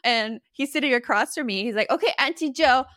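A middle-aged woman co-hosting a podcast, telling lively family stories and acting out the voices of the people in them. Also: high voice, fairly quick, dry recording, clean studio sound. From Arizona, US. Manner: animated storyteller, acts out quotes. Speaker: podcast co-host. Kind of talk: casual chat.

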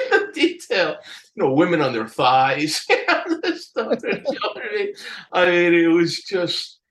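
An older man telling a story in a casual interview, animated, acting out the people he quotes and laughing often. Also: sits high, a little slow, poor audio. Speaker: album cover artist telling a story.

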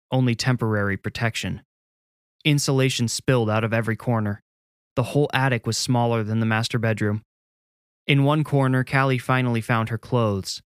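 A man narrating a scripted horror story in a measured, suspenseful way. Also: on the low side, no echo.

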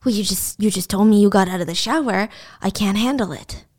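A woman's voice: mid-range voice, brisk, a little mellow, close to an everyday voice. A woman reading a flustered young man's text messages in close to her own voice, with a plain delivery. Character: eager awkward young man Mike.

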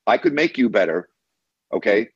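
A man's voice: fairly low pitch, sing-song, moderate pace, gravelly, slightly rough, dry recording, dull audio. A man hosting a sports radio show, coaching a caller in an emphatic, repetitive, lecturing way.

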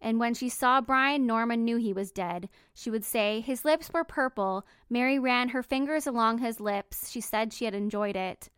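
A woman hosting a podcast, telling a true-crime story in a calm, measured, matter-of-fact reading. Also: a little high, smooth, dry recording, clean studio sound. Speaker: podcast host.

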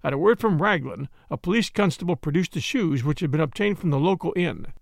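Male audiobook narrator, measured and expressive, slightly high voice, dry close recording. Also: vocal fry, no room sound. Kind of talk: scripted first-person story narration.

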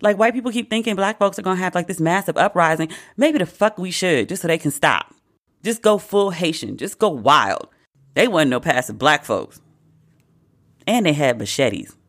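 A podcast host from the United States giving casual comedic commentary, profane and sarcastic, with animated asides. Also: medium pitch, moderate pace.

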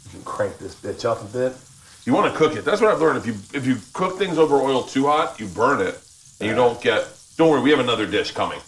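A man hosting a cooking show who chats casually while he cooks in a kitchen, eager and full of quick agreements. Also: medium pitch, lively intonation, fairly bright tone, rough recording. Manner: eager, chatty, lots of quick yeahs. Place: home kitchen.

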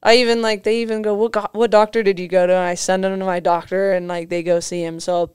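A young woman chats as a podcast guest, her voice exceptionally smooth and clear. She rambles through stories packed with "like" fillers and breaks into laughter often. The sound is close and dry, with no room around it. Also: mid-range voice, little pitch movement, quick pace, darkish tone, dry recording. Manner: storytelling, heavy use of "like" fillers, laughs often. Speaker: podcast guest, motocross racer. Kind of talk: casual chat.

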